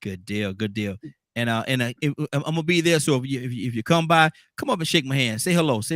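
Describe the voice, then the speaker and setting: A man's voice: mid-range voice, expressive, fast, a bit bright, no echo, studio quality. A man hosting a radio talk show, laid-back and teasing, often repeating himself. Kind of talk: casual radio panel chat.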